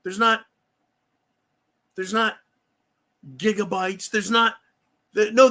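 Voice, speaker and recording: Male commentator, high bright voice, profane and heated, sarcastic rant delivery. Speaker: political commentator. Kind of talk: angry political rant.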